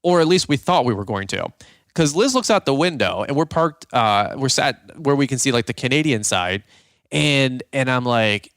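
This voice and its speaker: A young man hosting a podcast, telling a funny story in a casual, animated way and acting out the voices of the people in it. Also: mid-range voice, normal speed, no room sound, clean studio sound. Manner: animated, jokey, acts out quoted voices. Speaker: podcast host.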